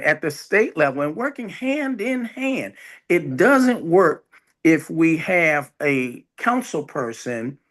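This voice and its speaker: A man's voice: on the high side, a bit bright. An older man, a former city council member, speaking reflectively on a community panel and drawing out his words for emphasis. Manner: reflective, with slow emphatic stretches. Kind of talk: panel discussion.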